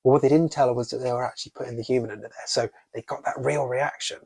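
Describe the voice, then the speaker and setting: A man talks through a horror movie review in a relaxed, scripted way, full of sarcasm and casual swearing. His voice sits at an ordinary pitch for a man, and the recording is dry with no room sound. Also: racing, creaky, husky, no echo. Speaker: horror book and film reviewer.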